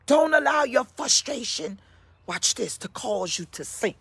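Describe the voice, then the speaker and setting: A woman pastor preaching an impassioned sermon in a husky voice, at times bursting into shouts. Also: on the high side, lively intonation, unhurried, no room sound. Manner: impassioned, calls listeners baby, bursts into shouts. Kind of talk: fiery sermon.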